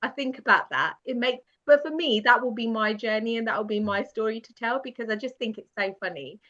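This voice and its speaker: A woman guest telling a personal story in a lively, self-mocking way, often laughing as she goes. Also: fairly high pitch, fairly quick. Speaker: podcast guest. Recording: dull lo-fi sound.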